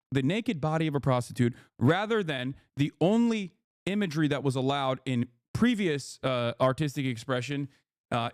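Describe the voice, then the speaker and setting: A man's voice: medium pitch, no echo, clean studio sound. Blunt, profane male streamer. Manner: blunt, profane, emphatic, often says "okay?". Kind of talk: reaction commentary.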